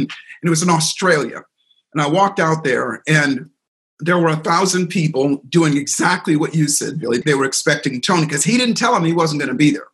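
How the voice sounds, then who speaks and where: Animated middle-aged man telling stories. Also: on the high side. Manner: animated storyteller, acts out quoted voices. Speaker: guest, seminar speaker and coach. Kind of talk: storytelling in a podcast interview.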